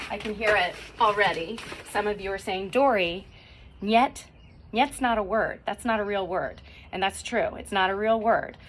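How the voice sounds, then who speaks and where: Middle-aged woman, encouraging coach delivering tips from home, upbeat; faint noise under the voice. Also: mid-range voice. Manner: upbeat, encouraging, acts out quoted self-talk. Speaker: cheer mental-skills speaker. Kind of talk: scripted tips talk.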